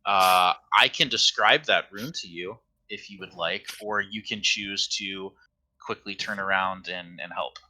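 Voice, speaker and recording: A man's voice: deep voice, a little slow, bright, forceful tone. A man running a tabletop game as dungeon master, explaining rules patiently with lots of "um" and "like".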